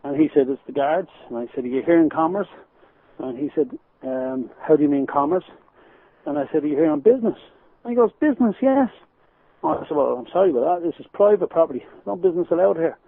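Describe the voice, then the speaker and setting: Irish male guest, lively storyteller, talks fast, calling in over a phone line. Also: on the high side, vocal fry, husky, no echo. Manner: animated storyteller, laughs while telling anecdotes. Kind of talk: phone-in radio interview. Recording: tinny phone line, dry.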